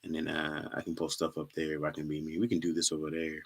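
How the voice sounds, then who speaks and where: A man's voice: a bass voice, completely flat delivery, quick pace. A young man from Michigan hosting a casual livestream, reading viewer comments in loose slang and laughing often. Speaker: livestream host.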